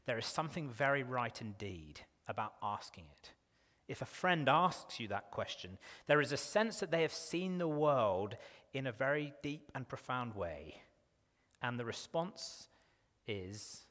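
A man preaching a sermon in a church, earnest and dropping to a hush on key phrases. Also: medium pitch. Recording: long reverb of a church hall.

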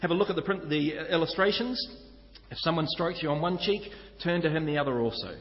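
A New pastor gives an earnest sermon, talking straight to his congregation. His voice is fairly high for a man and echoes through a large hall. The sound is slightly muffled. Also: brisk. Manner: earnest teaching, direct address to listeners.

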